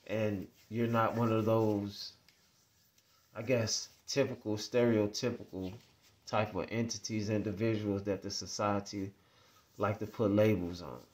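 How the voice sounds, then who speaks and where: A man's voice: fairly low pitch, darkish tone. A man vlogging, telling a story in a rambling, repetitive, conversational way. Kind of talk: casual storytelling monologue.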